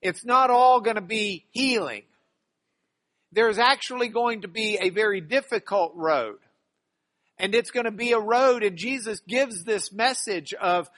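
A man's voice: high voice, a little slow, fairly bright tone. A man preaching a sermon, rambling and often repeating and restarting his words.

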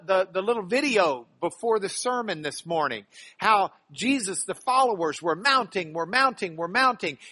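High bright preacher. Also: male voice. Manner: rambling, repeats words and restarts often. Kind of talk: sermon.

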